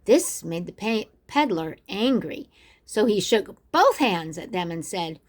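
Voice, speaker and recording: An older woman reading a picture book aloud to children, expressively, and pausing to ask the listener questions. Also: on the high side, very animated. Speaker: storyteller.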